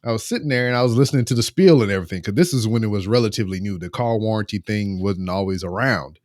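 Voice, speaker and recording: A podcast co-host tells a story in casual chat, animated and swearing freely. His voice is fairly low pitched and quick, captured in clean studio sound with no room noise.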